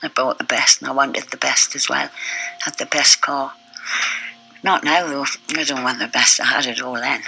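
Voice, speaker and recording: A woman's voice: extremely low pitch, steady tone, moderate pace, creaky, sharp tone, slightly rough, poor audio. An older woman, telling stories casually in an interview and acting out the quotes. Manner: chatty, acts out quotes in the story. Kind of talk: casual storytelling.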